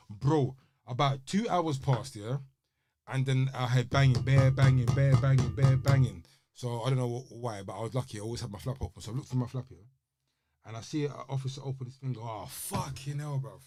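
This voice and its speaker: A man's voice: medium pitch, a little fast. A man co-hosting a podcast, telling anecdotes in casual chat and acting out the voices of the people in them. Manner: animated storyteller, acts out voices in his anecdotes. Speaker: podcast co-host.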